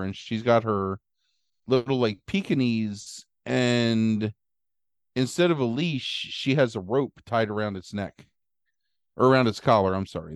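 A man's voice: lowish voice, dry recording, clean studio sound. A man hosting a podcast, rambling through a casual movie recap and slipping into silly voices for the characters. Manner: rambling, animated storytelling with silly put-on voices. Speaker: podcast host.

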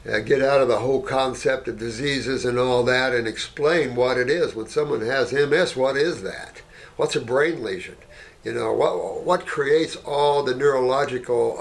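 A man who runs an herbal clinic, talking casually and rambling through anecdotes, often tagging "you know" and "right?", and growing animated as he tells them. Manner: animated, jumps up in pitch when telling stories.

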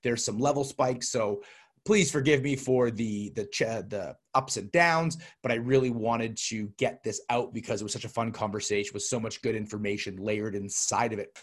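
A man hosts a podcast in a casual, chatty way, upbeat and loose. His voice sits at a middling pitch. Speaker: podcast host.

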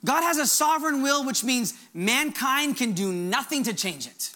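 Fervent, animated male pastor preaching. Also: very high-pitched, moderate pace. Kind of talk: sermon.

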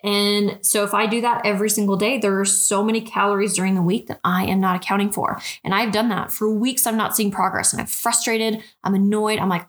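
A woman coach speaks on a podcast in a frank, direct way, firing off rhetorical questions and addressing her listeners as "guys". Her delivery is chatty, with quick restarts, and her voice sits at an ordinary pitch for a woman. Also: fairly even intonation. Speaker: nutrition coach. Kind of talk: podcast monologue.

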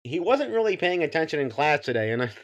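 A man's voice: on the high side, very animated, quick pace. Wry, joking male podcast guest. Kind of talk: casual podcast chat.

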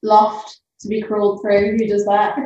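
A woman's voice: mid-range voice, completely flat delivery, measured pace, mellow, muffled recording. Woman host in a very echoey room. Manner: friendly, laughs readily, asks questions. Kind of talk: casual video call interview. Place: at home. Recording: echoey room, far from the mic, faint noise.

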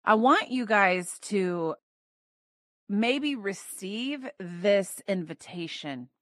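A woman's voice: mid-range voice, lively intonation, very slow, no echo. Earnest woman teaching with big swings. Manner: earnest, emphatic, swings from soft to exclaiming. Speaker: podcast host and Bible teacher. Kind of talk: devotional podcast teaching.

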